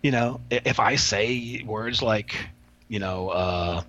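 A man's voice: lowish voice, slow pace, fairly bright tone. A man, a former prison officer, telling stories as an interview guest in a rambling way, repeating words, on a dull lo-fi recording. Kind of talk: casual interview storytelling. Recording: dull lo-fi sound.

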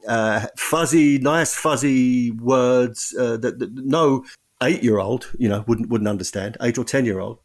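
A man speaks as a guest author in a long-form interview. His pitch sits in a plain middle range. He talks in a halting, reflective way, breaking off and restarting his sentences as he works through his ideas. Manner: thoughtful, halting, frequent restarts. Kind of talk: podcast interview.

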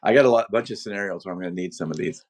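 A man's voice: low-pitched, very fast. A man co-hosting a podcast in casual chat, teasing his partner and laughing often. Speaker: podcast co-host.

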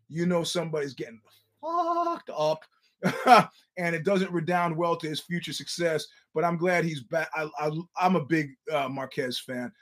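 Brief: middle-aged male host, higher voice, animated storyteller who swears and acts out quotes. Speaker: podcast host. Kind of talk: casual fight-talk chat.

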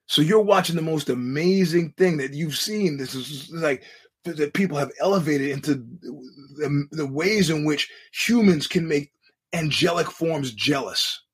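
Husky-voiced man rambling as podcast host. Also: a little high, measured pace. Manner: digressive storytelling with frequent restarts and laughs; blunt and profane. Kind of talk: casual rambling monologue.

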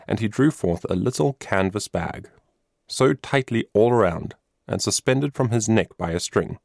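A man narrating a storybook in steady, solemn tones. His voice sits low with a gravelly texture. The sound is dry and close to the mic. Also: unhurried, no room sound. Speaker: audiobook narrator.

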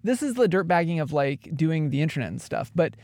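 A man co-hosting a casual podcast, animated and teasing, with quick asides. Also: fairly high pitch, dry recording, studio quality. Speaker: podcast co-host.

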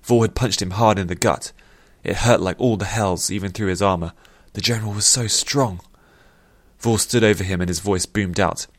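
Brief: low male narrator, steady and measured, dry close sound, fantasy audiobook. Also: dry recording.

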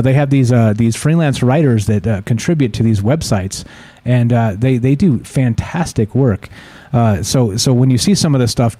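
A man's voice: medium pitch, mellow, no echo. Rambling male call-in show host. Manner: rambling, hesitant, chuckling, full of fillers and restarts. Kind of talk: casual call-in show talk.

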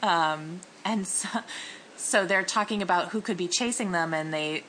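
A woman's voice: lowish voice, a little slow, a bit bright, a little hiss or hum, low-quality recording. A woman co-hosting a casual podcast chat, recapping a cartoon episode, laughing often and making self-deprecating asides. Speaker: podcast co-host.

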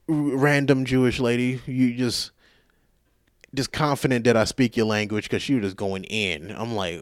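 A male podcast host telling a rambling story in casual chat, profane, animated and self-mocking, sounding tired. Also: lowish voice, a little slow, no echo, clean studio sound.

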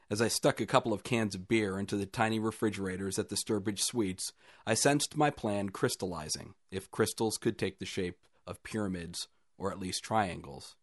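A man reading a first-person short story aloud in a calm, even storytelling manner with dry understatement. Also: fairly low pitch, no room sound. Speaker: story reader.

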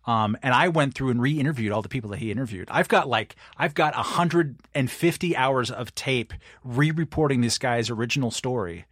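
A man's voice: mid-range voice, fairly quick, hardly any pauses, a bit bright, no echo, studio quality. A man co-hosting a political podcast, a reporter who talks hesitantly with many fillers. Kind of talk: casual political chat.

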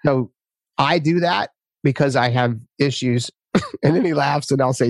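A man hosting a casual conversation, relaxed and chatty, laughing as he tells stories. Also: mid-range voice, normal speed, gravelly, no room sound. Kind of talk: casual chat.

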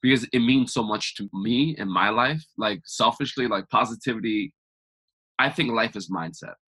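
A man guest on a podcast interview, talking in an energetic, emphatic, motivational way. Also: lowish voice, moderate pace, husky. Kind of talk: conversational interview.

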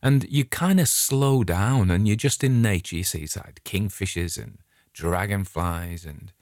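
Deep-voiced and recorded in clean studio quality without echo, a middle-aged vlogger from England wanders through casual anecdotes, chatty and constantly digressing.

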